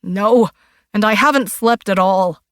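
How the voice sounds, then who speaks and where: Woman reader doing a distraught husband, loud, strained, higher than her narration, defensive, dry audiobook. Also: measured pace, no room sound, lightly acted. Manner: loud, raised, strained pleading. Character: distraught middle-aged husband, defensive and desperate.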